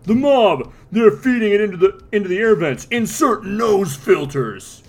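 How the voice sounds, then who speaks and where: A man reading as a stern male lawman who barks short, terse orders at his men. The voice is raised, louder and higher than the reader's own. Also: expressive, normal speed, gravelly, full character voice. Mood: commanding. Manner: terse commands.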